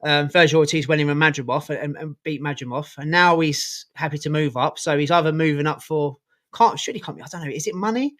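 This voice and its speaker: Fast-talking opinionated man. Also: on the high side, fairly bright tone. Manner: opinionated, swears casually. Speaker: podcast co-host. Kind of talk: casual sports chat.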